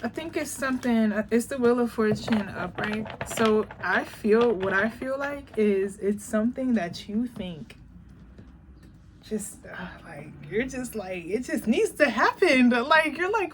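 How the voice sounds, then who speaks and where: A woman giving a casual tarot reading, talking bluntly and profanely, animated and laughing often. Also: a little high, measured pace. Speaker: tarot reader. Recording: background noise.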